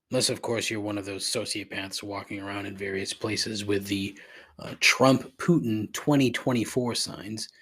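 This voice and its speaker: A man's voice: fairly low pitch, fairly bright tone, breathy edge. A man hosting a solo podcast, grumbling and sarcastic, swearing freely as he rambles. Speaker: podcast host.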